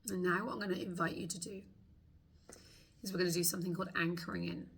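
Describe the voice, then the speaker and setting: A woman leading a guided tapping meditation, slowly voicing frustrated thoughts for the listener to repeat. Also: lowish voice, fairly even intonation, a bit bright, breathy edge. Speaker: tapping coach.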